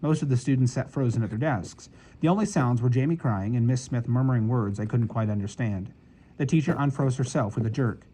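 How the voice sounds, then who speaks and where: A man reading a novel aloud as an audiobook narrator, in measured storytelling. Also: mid-range voice, warm tone, husky, rough recording. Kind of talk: scripted narration.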